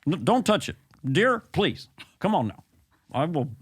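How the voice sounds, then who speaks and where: A man's voice: a little high, sing-song, measured pace, husky, no echo, heavily acted. A man doing an impression of a former male president, pleading with his wife during a domestic squabble. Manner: pleading, soothing domestic bickering.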